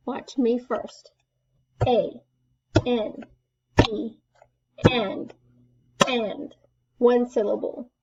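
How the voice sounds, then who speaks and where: A woman teaching a first grade class remotely, speaking in slow, clear, encouraging steps. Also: fairly high pitch, lo-fi sound.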